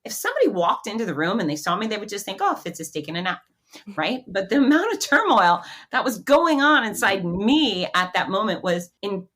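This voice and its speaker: A middle-aged woman as a podcast guest, telling a personal story in a lively way and acting out the voices of others. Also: medium pitch, fairly quick, few pauses. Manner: animated storyteller who acts out quotes.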